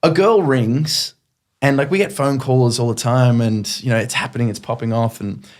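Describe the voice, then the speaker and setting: A middle-aged male presenter, a guest telling stories in a quick, animated way and acting out his own past lines. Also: mid-range voice. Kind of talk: conversational storytelling.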